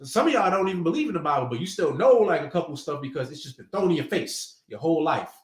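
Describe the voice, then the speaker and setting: Male preacher, conversational slangy delivery, animated, echoey room. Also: on the high side, fast talker. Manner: casual street slang, conversational. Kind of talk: sermon teaching.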